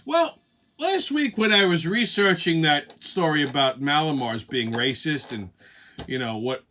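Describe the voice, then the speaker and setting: Lively, profane comic host. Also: male voice, mid-range voice. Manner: profane, laughs at his own jokes. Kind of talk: comedic monologue podcast.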